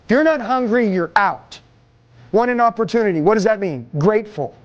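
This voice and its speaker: A man's voice: sits high, expressive, a little fast, lo-fi sound. A man giving an aggressive, profane motivational speech to an audience, talking confrontationally. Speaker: motivational speaker. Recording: music playing underneath.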